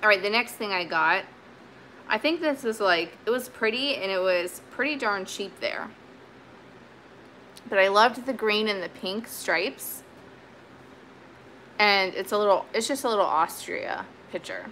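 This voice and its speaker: A chatty woman talks through her thrift finds in an easy, rambling way, full of fillers and restarts. Her voice is bright and forward, with a faint hiss in the background. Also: mid-range voice, measured pace, long pauses. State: sweaty, warm. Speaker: vintage reseller. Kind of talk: casual haul video chat.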